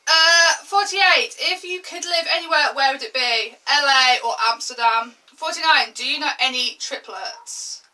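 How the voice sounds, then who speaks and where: A woman in her twenties chatting through a get-ready-with-me vlog, lively and exaggerating for laughs, swearing freely. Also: high voice, a little slow, hardly any pauses, far from the mic, low-quality recording. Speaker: beauty vlogger.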